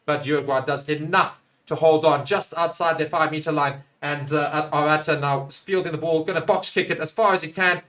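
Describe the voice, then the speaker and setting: Talking a little fast with few pauses, this young South African watchalong commentator calls a rugby match live. He grows loud and excited on attacking plays but sinks to a low, quiet tone for viewer comments.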